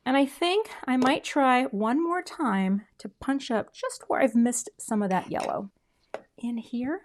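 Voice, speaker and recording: A middle-aged woman talks through a crafting demo in a casual, chatty way, poking fun at herself. She often trails off into quiet murmurs while she works. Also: mid-range voice, expressive, a little slow, a little hiss or hum. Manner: chatty, self-deprecating, drops to soft murmurs while working. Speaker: craft video host.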